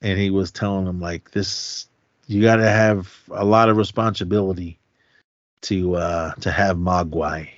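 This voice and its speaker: A man's voice: low-pitched, fairly even intonation, unhurried, dry recording. A man co-hosting a podcast, casually recapping a film, rambling and restarting his sentences, often laughing and acting out lines. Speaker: podcast co-host. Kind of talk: casual movie recap chat. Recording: slightly dull dry podcast audio.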